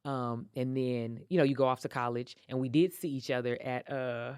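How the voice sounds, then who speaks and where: A woman from the United States, a guest athlete in a casual interview, telling lively stories and acting out quoted lines. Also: extremely low pitch, normal speed, smooth, no echo, studio quality. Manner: animated storyteller who acts out quoted lines.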